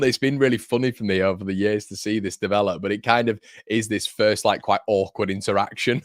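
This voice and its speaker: Deep-voiced matey streamer. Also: male voice, a bit bright, no room sound, studio quality. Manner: chatty, matey, reads viewer comments aloud. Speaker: fan channel host. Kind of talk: live watchalong chat reading comments. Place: home studio.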